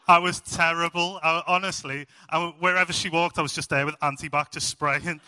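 Brief: young man, preaching, very bright tone, a bit high, dry close sound, chatty and self-mocking. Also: fairly quick, hardly any pauses, clean tone, dry recording, long reverb tail. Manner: chatty, self-mocking storytelling with animated asides. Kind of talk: sermon.

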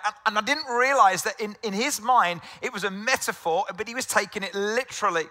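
A middle-aged English pastor preaches in a chatty, storytelling way, tossing out rhetorical questions. His voice sits high and rings very bright. The sound carries a long church-hall reverb. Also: fairly quick, few pauses. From England. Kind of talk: sermon.

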